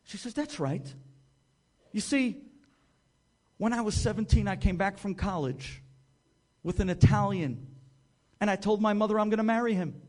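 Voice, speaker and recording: A bitter, estranged middle-aged daughter, voiced by a man. She talks bluntly with a resentful edge, in a fairly high voice. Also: moderate pace, pauses often, close to an everyday voice.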